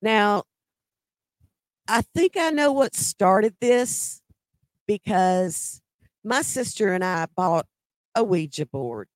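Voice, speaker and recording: A woman telling a personal ghost story in an unhurried way, often repeating words as she remembers. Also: mid-range voice, lively intonation, no room sound, studio quality.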